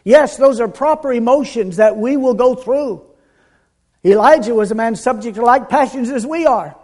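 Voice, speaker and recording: A man preaching a sermon with earnest conviction, dropping to a hush and building to emphatic peaks. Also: very high voice, normal speed.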